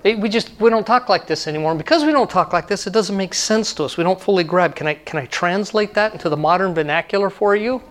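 A man's voice: high voice, fast, few pauses, a bit bright. A male pastor preaching a sermon in a conversational way, repeating key lines for emphasis.

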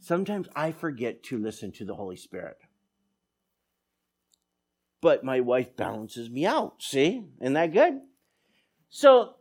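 A middle-aged man preaching a sermon as pastor, telling stories with quoted dialogue. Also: a little high. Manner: animated storytelling with quoted dialogue.

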